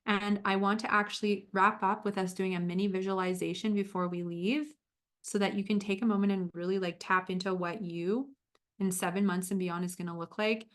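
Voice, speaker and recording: A woman health coach talking warmly to her viewers on a livestream, moving from a program pitch into a guided visualization. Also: steady tone, a little fast. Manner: upbeat and encouraging.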